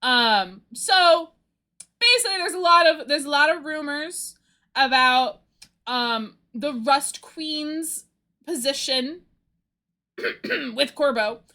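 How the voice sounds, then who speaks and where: Female streamer, high bright voice, unhurried, rambling and giggly. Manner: rambling, animated storytelling with frequent giggles. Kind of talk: casual livestream chat.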